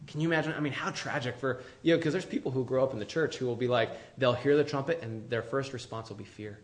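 Male preacher, mid-pitched, urgent and then hushed, recorded in an echoey space. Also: fast talker. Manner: swings from loud urgent calls to hushed, low appeals. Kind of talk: sermon. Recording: roomy echo.

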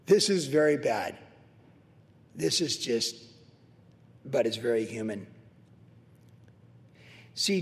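Animated pastor in a reverberant hall. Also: male voice, on the high side, vocal fry. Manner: animated storytelling with acted-out quotes. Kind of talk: verse-by-verse Bible teaching.

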